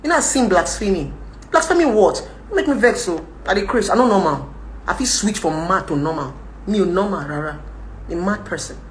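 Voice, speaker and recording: A woman's voice: mid-range voice, roomy sound. A young woman with a Nigerian accent, ranting and scolding viewers on a live video. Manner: scolding, combative, switches into Pidgin, laughs often. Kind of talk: ranting live-stream chat.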